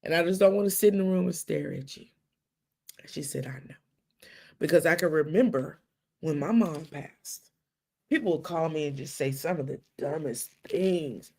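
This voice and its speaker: A middle-aged woman tells a personal story on her live stream. Her voice has a gravelly edge, and she acts out the dialogue, dropping to a hush and then climbing high with feeling. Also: moderate pace. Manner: animated storytelling with quoted dialogue and dramatic hushes. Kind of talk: casual live-stream talk.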